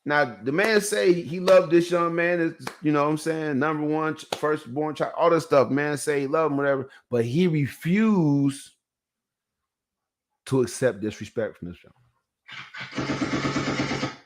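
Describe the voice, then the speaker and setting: A man's voice: fairly high pitch, measured pace, pauses often, slight background noise. A man hosting a podcast, telling a story in a rambling, slangy way and talking straight to his viewers. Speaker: podcast host. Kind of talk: casual storytelling monologue.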